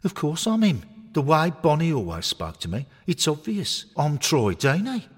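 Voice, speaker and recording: A man's voice: fairly high pitch, huge pitch swings, normal speed, breathy edge, long reverb tail, pitched above the performer's own voice, full character voice. A man voicing a deluded, boastful male knitted footballer doll who sounds fully self-assured.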